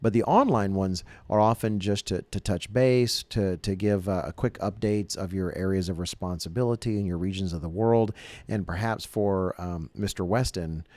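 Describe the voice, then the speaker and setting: A man's voice: low-pitched, normal speed, darkish tone, dry recording. A man hosting a podcast in casual chat, earnest and rambling, often restarting his sentences. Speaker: podcast host.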